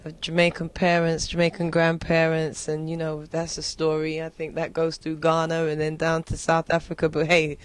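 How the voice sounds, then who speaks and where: A woman from London with a British accent, a singer and poet answering interview questions in a reflective, unhurried way with many pauses and restarts. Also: sits low, monotone, clean tone. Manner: reflective, hesitant with fillers and restarts. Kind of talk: relaxed interview conversation.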